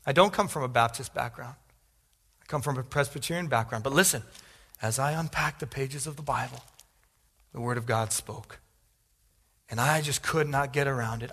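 A male pastor preaching a sermon, repeating phrases and building from calm teaching to loud, pleading appeals. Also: medium pitch, normal speed, long pauses, in a large hall.

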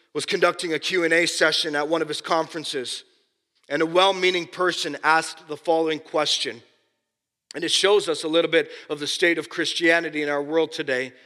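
Brief: male preacher, bright high voice, impassioned, loud then hushed, in a reverberant hall. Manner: impassioned, swinging between loud emphasis and hushed asides. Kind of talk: sermon.

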